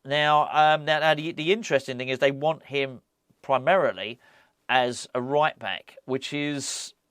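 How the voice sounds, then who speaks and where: A man's voice: medium pitch, a little slow, fairly bright tone, clear, resonant tone, dry recording. A man hosting a football fan channel, giving casual, enthusiastic commentary full of restarts. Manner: chatty, enthusiastic, many restarts.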